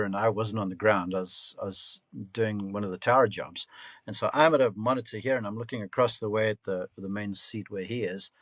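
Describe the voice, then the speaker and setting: Man in his fifties telling lively stories. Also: on the low side, no echo. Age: 50s. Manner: lively anecdotal storyteller, laughs often. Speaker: golf coach and broadcaster. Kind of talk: casual podcast interview.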